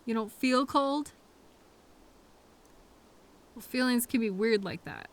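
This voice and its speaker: A young woman with a slightly high, expressive voice speaks slowly in a scripted audio role-play, playing a coworker who finds the listener in a blizzard. She starts out fussy and scolding, then turns apologetic, dropping quirky, mild exclamations.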